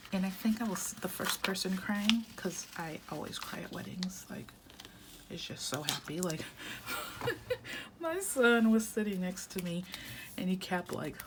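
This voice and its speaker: Low soft-voiced woman, half-whispering. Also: measured pace. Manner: rambling with many "like" fillers. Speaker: planner vlogger. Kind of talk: casual chat while journaling. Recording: steady background noise.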